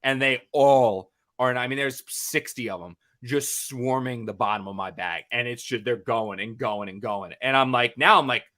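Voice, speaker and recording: Bright-voiced man telling a rambling story. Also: mid-range voice, fairly quick. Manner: rambling, animated storytelling with many fillers and restarts. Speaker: podcast co-host. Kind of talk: casual storytelling on a podcast.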